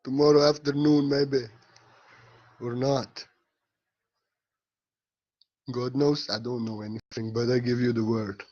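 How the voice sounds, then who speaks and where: A man giving a gentle, rambling spiritual talk in halting, non-native English. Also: medium pitch, little pitch movement, lo-fi sound. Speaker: spiritual teacher.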